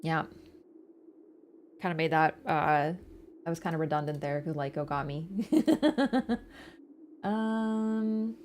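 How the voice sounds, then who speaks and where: A woman's voice: deep voice, takes it slowly, long pauses, a little mellow, a little hiss or hum. A young woman game streamer wrapping up her livestream in a rambling, chatty way, with casual swearing. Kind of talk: casual livestream sign-off chat.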